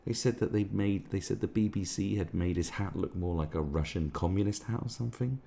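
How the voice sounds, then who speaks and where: A man's voice: low voice, brisk, vocal fry, mellow. A man hosting a live stream, ranting sarcastically and swearing a lot in casual commentary. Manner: crude, sarcastic, swears often.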